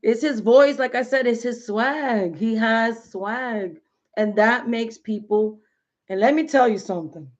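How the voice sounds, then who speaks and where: A chatty woman in her thirties talks casually from home on a live stream, slangy and full of "like" and "you know". Her voice sits a little high. The stream audio is dull and lo-fi. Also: measured pace. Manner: chatty, animated, slangy with many fillers.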